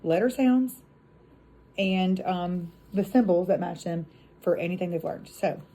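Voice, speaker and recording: A woman in her thirties, an elementary school teacher, casually explaining a phonics routine and acting out the classroom chants with drawn-out letter sounds. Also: on the low side, mellow, rough recording.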